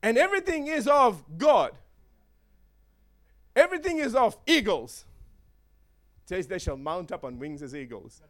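A man preaching a sermon in an animated way, with joking asides and chuckles. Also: high-pitched, a little slow, pauses often.

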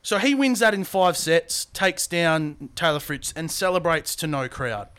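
A man's voice: on the high side, lively intonation, unhurried, fairly bright tone, clear, resonant tone. A young man with an Australian accent co-hosting a podcast, ranting casually and swearing freely. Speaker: podcast co-host.

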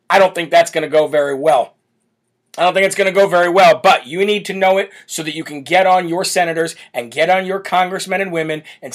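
A man with a fairly high voice hosts a live political commentary show. He talks in a brash, mocking way and stops to read out viewers' chat comments. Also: fairly bright tone. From United States. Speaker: political talk show host.

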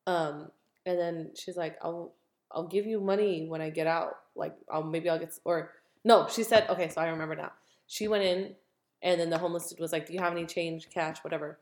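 Lower-voiced woman in an echoey room. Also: fairly even intonation, a little fast. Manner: profane, chatty retelling of a relative's story. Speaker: podcast co-host. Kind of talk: casual storytelling chat.

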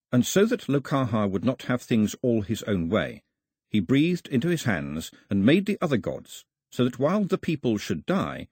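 Husky-voiced male audiobook narrator. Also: medium pitch, no echo, clean studio sound. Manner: expressive storytelling.

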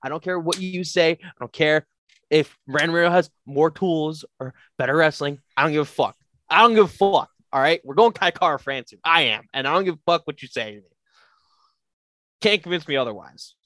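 A young man co-hosting a casual podcast chat, excitable and foul-mouthed, often bursting into shouts. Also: fairly high pitch, a little fast, dry recording. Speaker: podcast co-host.

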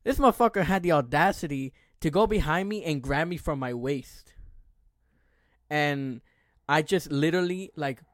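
A man's voice: on the high side, normal speed, dry recording, studio quality. A man in his twenties, a podcast host, telling a rambling, profane story in casual chat.

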